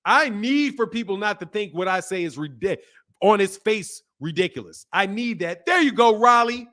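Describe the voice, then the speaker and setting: A man hosting a live boxing talk stream, reading out donations, animated and laughing with loud outbursts. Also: high-pitched, normal speed. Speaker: boxing channel host.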